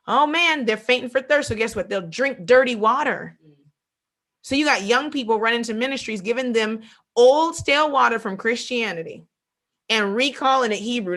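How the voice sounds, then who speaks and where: A woman with speech preaches a Bible lesson in a lively, animated way. Her voice sits a little high, and she slips into quoted voices and hammers home repeated phrases. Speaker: Bible teacher. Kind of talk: sermon teaching.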